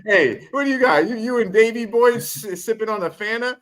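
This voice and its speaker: A man's voice: high-pitched, brisk, a bit bright. A man co-hosting a live sports talk show, chatting in a laid-back, profane way and ribbing the others. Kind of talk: casual sports banter.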